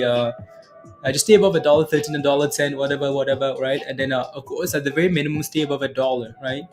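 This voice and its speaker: A man hosting a live day-trading stream, chatting casually with viewers, full of fillers and tag questions as he talks through charts. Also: fairly high pitch. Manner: chatty, filler-heavy, keeps adding "right?" and addressing viewers by name. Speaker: livestream day-trading host. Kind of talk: casual live chart commentary reading chat.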